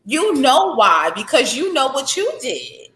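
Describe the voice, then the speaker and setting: A woman in her thirties talks about faith and healing with a bright, forceful voice sitting a little high. She circles back on her phrases for emphasis. The sound is roomy and echoey. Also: sing-song, unhurried. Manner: heartfelt, faith-filled, repetitive emphasis. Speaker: author guest. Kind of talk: candid interview conversation. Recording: echoey room.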